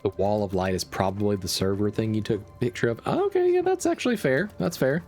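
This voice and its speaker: Game streamer, drowsy and wry casual commentary, animated pitch, soft music under. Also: brisk. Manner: drowsy and chatty, with a wry edge.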